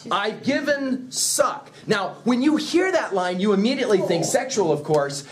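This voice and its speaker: A middle-aged man giving an emphatic classroom lecture on a play, animated and quick to chuckle as he explains. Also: high-pitched. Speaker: literature teacher.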